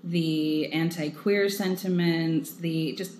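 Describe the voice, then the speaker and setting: A low-voiced woman talks earnestly and openly, filling her thoughts with "like" and "um." The sound is echoey, with a light hiss underneath. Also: fairly even intonation, slow, darkish tone. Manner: earnest, personal, uses "like" often. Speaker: foundation staff member. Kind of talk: candid interview answers. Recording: echoey room with faint hiss.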